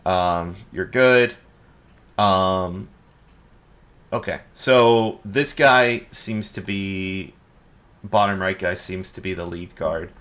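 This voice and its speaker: A man running a tabletop game as dungeon master, narrating in a relaxed way with lots of fillers. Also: sits low, slow pace.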